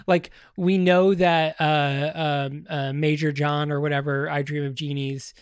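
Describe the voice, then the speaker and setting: A man's voice: fairly high pitch, steady tone, fairly quick, hardly any pauses, clear, resonant tone, dry recording. Rambling man with a dry close sound. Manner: rambling, many fillers and restarts; addresses listeners directly, joking. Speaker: podcast host. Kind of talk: casual commentary on a TV series.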